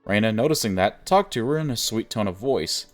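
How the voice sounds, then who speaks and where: A man's voice: lowish voice, expressive, fairly quick, faint music behind. A man streaming a visual novel, reading the story aloud and chatting casually with viewers, laughing often.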